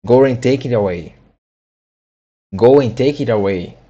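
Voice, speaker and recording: A man's voice: mid-range voice, a little slow, warm tone, husky, highs cut off. A man voicing a flustered, bossy male rabbit who barks impatient orders. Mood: angry.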